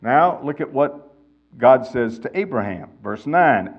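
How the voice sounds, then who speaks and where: A man's voice: mid-range voice, lively intonation, unhurried, breathy edge, dull audio. A male pastor teaching verse by verse, reading passages aloud with emphasis and then explaining them. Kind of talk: expository Bible teaching.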